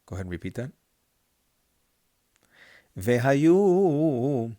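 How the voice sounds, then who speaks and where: A middle-aged man teaching Torah cantillation, chanting verses slowly and then explaining them patiently, asking the listener to repeat after him. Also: on the low side, a little mellow, no room sound, studio quality. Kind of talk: chanting lesson with call-and-repeat.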